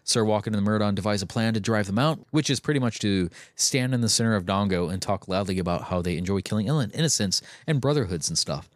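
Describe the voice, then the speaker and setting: A man hosting a podcast, loosely recapping an animated web series with chuckles. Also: lowish voice, fast, few pauses, dry recording. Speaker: podcast host.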